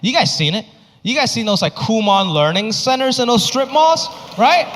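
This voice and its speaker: A male stand-up comedian performing his set on a comedy club stage into a handheld mic, animated and acting out voices. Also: very high voice, normal speed. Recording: echoey club with faint crowd.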